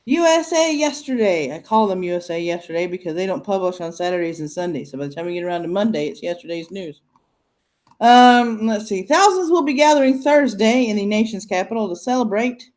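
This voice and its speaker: A woman's voice: mid-range voice, lively intonation, fairly quick, darkish tone. A woman hosting a casual news commentary livestream from home, chatty and sarcastic, talking into her computer's webcam mic. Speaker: host.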